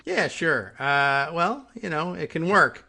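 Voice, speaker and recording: Brief: male talk host, bright tense tone, easygoing and agreeable. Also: fairly high pitch, expressive, slow pace, vocal fry, husky. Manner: agreeable, chuckling, trails off. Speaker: political talk show host. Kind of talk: casual political chat.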